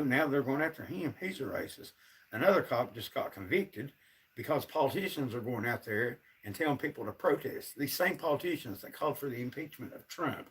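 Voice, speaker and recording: A man's voice: medium pitch, a bit bright, far from the mic. A man, ranting to his viewers on a casual livestream, sounding frustrated and fed up. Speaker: livestream host.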